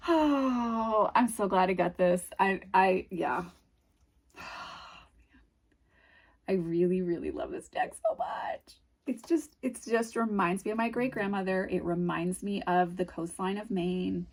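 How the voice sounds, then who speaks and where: A woman with a New England accent chatting casually through an unboxing, gushing and dreamy, often trailing off into soft murmurs. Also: mid-range voice, lively intonation, a little slow. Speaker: tarot video host.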